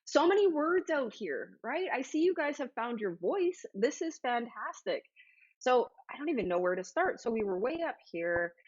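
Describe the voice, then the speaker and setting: A woman's voice: high voice, very animated, moderate pace, slightly rough, muffled recording. A woman hosting a livestream, chatting casually and bubbly as she reads out viewer comments with lots of exclamations. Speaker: livestream host.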